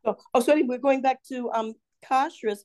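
A woman's voice: high-pitched, steady tone, a little fast, a little mellow. Older Baltimore woman telling rambling stories. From Baltimore area. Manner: rambling storyteller, laughs often, many restarts. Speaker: podcast co-host, mother. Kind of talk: casual family chat.

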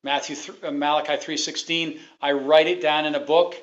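A man's voice: a little high, little pitch movement, moderate pace. A man preaching a sermon to his congregation, emphatic and repeating his points, asking the people questions. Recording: dull lo-fi recording.

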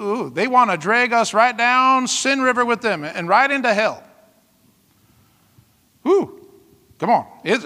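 A male pastor preaching with an emphatic, dramatic delivery, throwing out rhetorical questions and sudden exclamations. His voice sits high and sounds bright and forceful. It rings out with a long reverb, as if in a church hall. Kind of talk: sermon.

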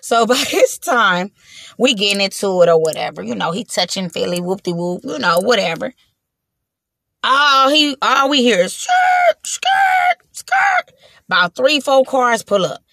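A young woman tells a story in a bright, forceful voice. She swears freely and acts out every voice in the story. The sound is close and dry, with no room echo. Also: medium pitch, expressive, normal speed, gravelly. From Watts, Los Angeles. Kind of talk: casual storytelling to an audience.

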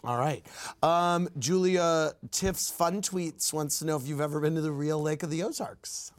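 Brisk male talk show host. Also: fairly high pitch, fairly even intonation. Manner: brisk, reads viewer questions. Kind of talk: hosting a late-night talk show.

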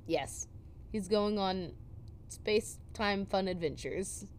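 A woman's voice: medium pitch, slow pace, slight background noise. A woman co-hosting a casual chat, telling a story and acting out the quotes with laughs. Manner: animated, acts out quotes with laughs. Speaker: podcast co-host telling a story.

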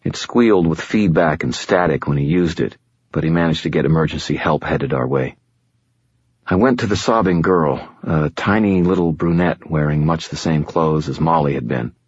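A man giving steady, measured first-person audiobook narration on a dull, dry recording. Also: rumbling low, breathy edge, no echo.

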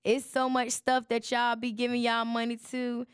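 A woman's voice: fairly high pitch, completely flat delivery, normal speed, clean tone, no room sound, clean studio sound. A woman hosting her podcast in a chatty, preachy way, talking straight to her listeners. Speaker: podcast host. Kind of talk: casual chat.

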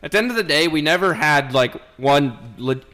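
Young man with a bright, raised voice. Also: fairly high pitch, fairly quick, rough recording. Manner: excited, profane storytelling. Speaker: friend in conversation. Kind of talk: casual chat.

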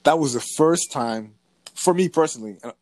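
A man co-hosting a casual podcast, telling stories in a lively way with frequent restarts. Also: fairly high pitch, moderate pace, dry recording. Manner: animated storytelling with frequent restarts. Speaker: podcast co-host. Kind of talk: casual conversation.

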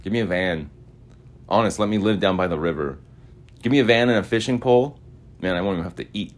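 A low-pitched man from Utah talking to himself in a loose, wandering monologue. He gets loud and repetitive at times and then drops into quiet mumbling. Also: quick pace, long pauses. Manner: restless, repetitive, swings between loud chanting and mumbling asides. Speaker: podcaster. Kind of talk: rambling monologue voice message.

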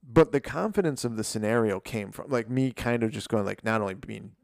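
A man in his forties, a martial arts coach and podcast guest, telling a story in a casual, animated, rambling way, full of "like" and swearing. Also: on the low side, brisk, creaky, dry recording, studio quality.

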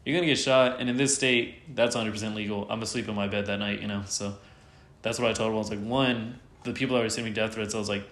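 A man's voice: fairly low pitch, fairly even intonation, fast, fairly bright tone. A man speaking candidly as an interview guest, rambling with lots of fillers and some swearing. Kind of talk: candid casual conversation. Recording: roomy echo.

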